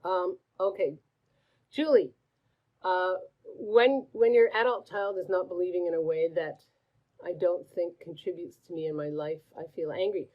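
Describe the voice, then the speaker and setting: A middle-aged woman talks through a live coaching stream, chatty and animated, greeting viewers by name and throwing out question after question. Her voice sits a little low. The stream audio sounds dull and lo-fi. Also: moderate pace. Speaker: host answering viewer questions.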